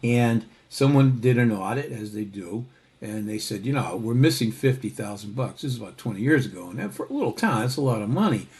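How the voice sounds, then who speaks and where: A man's voice: medium pitch, expressive, fairly quick, a little mellow. A man from Connecticut telling a story in a casual, wry, digressive way, full of asides. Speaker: storyteller host.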